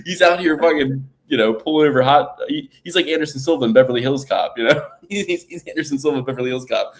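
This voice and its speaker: A man's voice: mid-range voice, quick pace. A man co-hosting a casual sports podcast, joking and swearing, often mimicking people. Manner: profane, joking, mimics people in raised voices. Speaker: podcast co-host.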